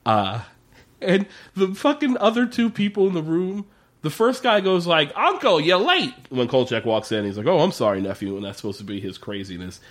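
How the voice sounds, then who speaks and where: A man's voice: a little high, big pitch swings, moderate pace. A man in casual podcast chat, recapping a TV episode with lots of swearing and laughter, acting out the characters' lines. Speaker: podcast co-host.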